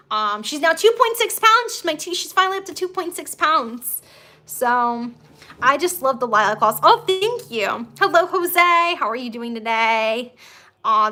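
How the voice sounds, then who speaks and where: A woman's voice: sits high, bright, forceful tone. A young woman hosting a casual live stream from her bedroom, chatting and reading viewer comments aloud in a bubbly, rambling way. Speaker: livestream host.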